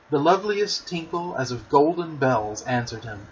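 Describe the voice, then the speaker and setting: A man narrating a storybook aloud with expressive, dramatic storytelling, on a muffled lo-fi recording. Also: a little high, normal speed, hardly any pauses, a little hiss or hum.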